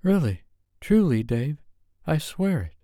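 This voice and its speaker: Anxious young woman, pleading, raised pitch, read by a male narrator. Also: big pitch swings, takes it slowly, mellow, dry recording, clean studio sound, heavily acted. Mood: earnest.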